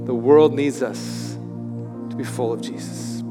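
A man preaching a sermon as pastor, animated, swinging from loud to hushed. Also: medium pitch, unhurried. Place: church sanctuary. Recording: echoey hall with music.

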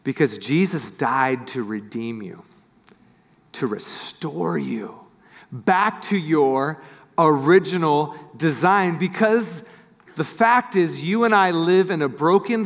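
Male pastor, sermon, high voice, storytelling, acts out quoted people, long reverb. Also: slow. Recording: church hall with long reverb.

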